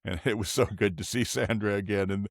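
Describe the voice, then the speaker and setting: A man's voice: lowish voice, fairly quick, vocal fry, dry recording. Older man, dry casual football talk. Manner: relaxed, thinks aloud with restarts. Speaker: podcast host. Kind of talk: casual sports chat.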